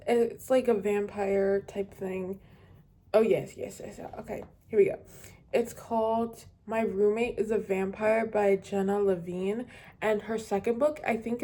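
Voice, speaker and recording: A young woman talks about her reading in a casual vlog, taking her time and wandering through her thoughts with plenty of fillers and restarts. Her voice is mellow and soft-edged, and she speaks slowly, often pausing to search for words. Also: mid-range voice. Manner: rambling and hesitant, many fillers. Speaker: book vlogger. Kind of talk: casual chat.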